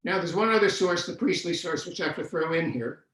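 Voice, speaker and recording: A man's voice: sits high, expressive, fairly quick, a bit bright, slight background noise. An older man lecturing on scripture in an explanatory way, slipping in dry jokes. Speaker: Bible scholar lecturer. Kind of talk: online lecture. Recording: roomy echo.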